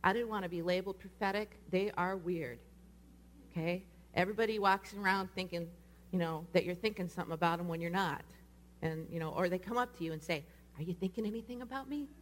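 A woman's voice: lowish voice, brisk, a little hiss or hum. A woman preaching in a casual storytelling way, acting out the voices of the people she quotes. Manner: animated, acts out quoted voices. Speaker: speaker. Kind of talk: sermon storytelling.

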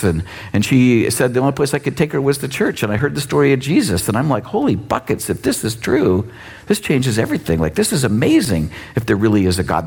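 A man in his sixties preaching a sermon in a casual, animated way, acting out quotes. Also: mid-range voice, gravelly, husky. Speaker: pastor.

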